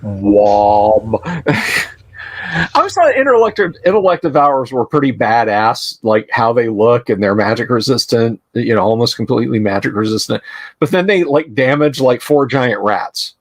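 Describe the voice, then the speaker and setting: A man's voice: medium pitch, expressive, measured pace, no echo. Man as game master, livestream tabletop game, rambling with chuckling asides, dry close sound.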